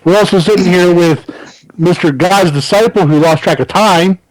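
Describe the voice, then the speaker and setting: A man's voice: high-pitched, normal speed, poor audio. A man hosting a casual gaming podcast, teasing his co-hosts and laughing often over a voice call. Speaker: podcast host.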